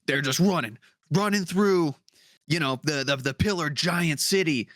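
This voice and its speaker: A man's voice: a little high, measured pace, a bit bright, no room sound. Dry-sounding man rambling on a podcast. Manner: rambling, profane, many fillers. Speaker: podcast co-host. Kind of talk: casual chat about tabletop games.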